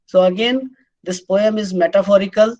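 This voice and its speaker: A man giving a classroom lecture, explaining patiently, repeating his points and pausing often on "uh". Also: high-pitched, fairly even intonation, darkish tone, lo-fi sound.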